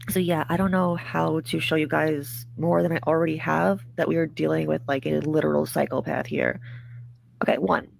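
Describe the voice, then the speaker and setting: A woman's voice: low-pitched, fairly even intonation, moderate pace, gravelly, slight background noise. A woman hosting a drama commentary show, ranting in a sarcastic, mocking and profane way. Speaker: commentary channel host.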